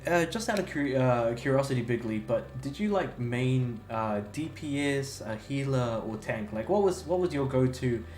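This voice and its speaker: A man's voice: medium pitch, expressive, normal speed, hardly any pauses, a little mellow. A young man chatting casually while livestreaming a game, rambling with lots of fillers and restarts. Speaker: game streamer. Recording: echoey room, faint music behind.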